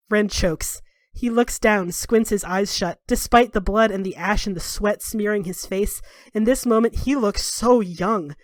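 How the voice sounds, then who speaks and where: A woman's voice: mid-range voice, unhurried, no echo, clean studio sound. A woman game master narrating a tabletop game casually, with plenty of fillers.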